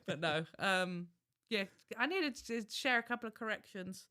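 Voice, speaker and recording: A man's voice: extremely high pitch, lively intonation, slow pace, long pauses, a bit bright, no room sound. A man co-hosting a podcast, chatting casually in a rambling, self-mocking way with restarts. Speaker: podcast co-host. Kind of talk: casual chat.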